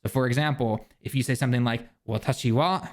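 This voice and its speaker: A young man with a mid-pitched voice talks straight to camera in a relaxed teaching tone. He rambles a little, restarts sentences and leans on fillers as he explains things for beginners. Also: quick pace. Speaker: language learning vlogger. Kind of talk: casual instructional talk. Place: living in Japan.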